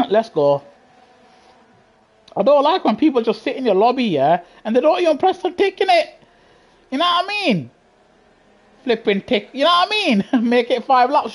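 A man's voice: very high voice, big pitch swings, moderate pace, long pauses. A young man, streaming live racing gameplay and teasing the players in his lobby, laughing often and full of slang. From England. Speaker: gaming streamer.

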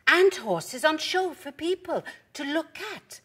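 A woman's voice: high voice, sing-song, slow pace, fairly bright tone, voice pushed up, full character voice. A woman voicing a cheerful, knowledgeable female dog who explains things to her friend. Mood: explaining. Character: eager bossy female dog, knows everything.

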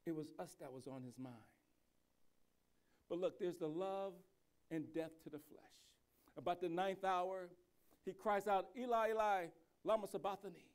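A man, a pastor, preaching a sermon, moving between quiet reflective speech and loud, slow, emphatic delivery, with frequent restarts and repeated words. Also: high voice.

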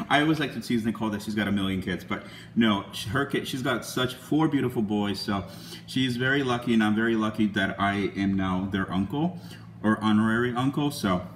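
A man's voice: lowish voice, moderate pace, reverberant, slight background noise. A young man hosting a casual cooking vlog, upbeat and chatty, with lots of ums and small laughs. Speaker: cooking channel host.

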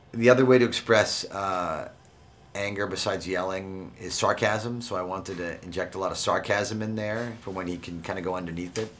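A man talking as an actor and interview guest, relaxed and wry in casual conversation. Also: sits low, slight background noise.

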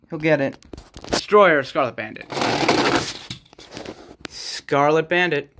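A man giving quick, excitable play-by-play commentary of toy truck races on a rug at home. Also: a little high. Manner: quick excitable race calls with sudden exclamations. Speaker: race commentator and organizer. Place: indoors at home on a rug floor. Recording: loud background noise with clicks.

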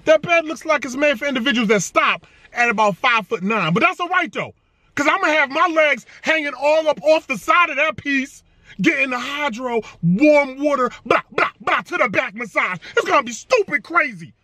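Energetic male vlogger, high bright voice, playful slang. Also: normal speed, no echo, studio quality. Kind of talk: casual hype vlog talk.

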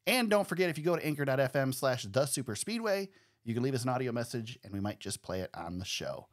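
An easygoing man hosts a casual podcast chat, laughing often as he talks. His pitch rises and falls a lot. He sounds relaxed and friendly with his co-host. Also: fast.

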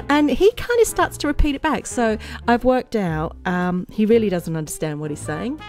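A woman's voice: medium pitch, expressive, moderate pace, a little mellow, soft background music. A middle-aged woman vlogger chatting casually in a rambling, playful way and laughing often at her own jokes.

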